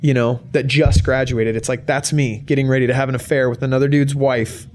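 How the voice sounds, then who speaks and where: A young adult man giving a personal testimony to an audience, halting and emotional, with many restarts. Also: medium pitch, little pitch movement, a little mellow, a little hiss or hum. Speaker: guest speaker.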